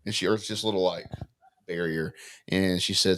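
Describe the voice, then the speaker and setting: A man, co-hosting a podcast and telling an animated story, acting out the other people's lines. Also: low voice, fast. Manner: animated anecdotal storyteller, acts out dialogue. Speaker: podcast co-host. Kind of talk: casual storytelling chat.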